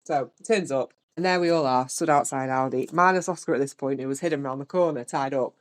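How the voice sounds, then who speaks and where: A woman with a notably low-pitched voice tells a story on her podcast. She speaks in a relaxed, chatty way and voices the people in her story. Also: fairly quick. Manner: chatty, with lively voiced-out quotes. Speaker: podcast host. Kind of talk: casual storytelling.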